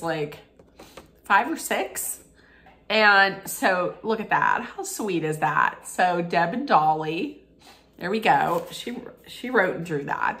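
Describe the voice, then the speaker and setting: A woman's voice: medium pitch, fairly bright tone. A woman filming a casual unboxing vlog, gushing and sentimental, rambling with restarts while she gets teary. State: tearful. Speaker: vlogger.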